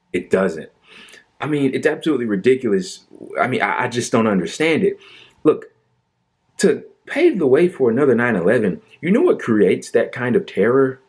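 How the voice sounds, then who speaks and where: A man's voice: on the low side, husky. A man giving sarcastic, argumentative political commentary, mocking and incredulous. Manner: mocking, exaggerated fake sorrow and sighs.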